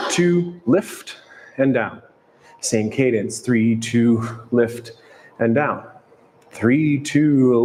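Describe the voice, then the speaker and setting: A man leading a follow-along ballet barre and strength workout, calmly counting and cueing each movement. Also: mid-range voice, big-room sound, a little hiss or hum. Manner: calm, steady cueing with counts. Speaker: fitness instructor.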